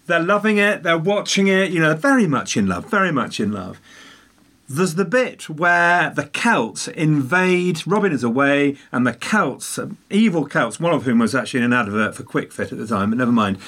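A man chatting at length about a favourite film, talkative and jokey, with animated emphasis. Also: a little high, normal speed. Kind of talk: casual film chat.

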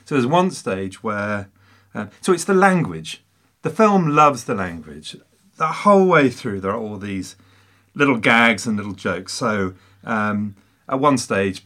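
A man's voice: lowish voice, a bit bright. A man co-hosting a casual film discussion, theatrical and emphatic, with a teasing way of arguing his point. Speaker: podcast co-host.

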